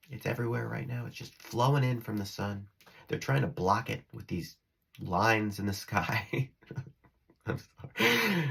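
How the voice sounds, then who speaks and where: A man's voice: medium pitch, gravelly, fairly bright tone, breathy edge. A man talking to his phone camera in a rambling spiritual vlog, giggling and restarting his sentences as he drifts between topics. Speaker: spiritual vlogger.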